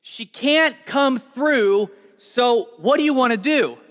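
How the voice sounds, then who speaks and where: A man doing a high, drawn-out party guest. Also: expressive, a bit bright, exaggerated voice. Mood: urgent. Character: party guest bringing news to the host. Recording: long reverb of a large hall.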